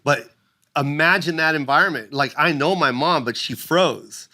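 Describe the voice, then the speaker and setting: A man's voice: on the high side, moderate pace, sharp tone. Profane storytelling man in his fifties. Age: 50s. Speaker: guest comedian. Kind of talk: podcast conversation.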